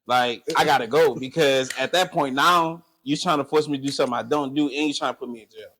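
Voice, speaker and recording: A man talking in an animated, heated way during a casual podcast chat. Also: mid-range voice, fast, slight background noise. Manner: animated, heated when arguing.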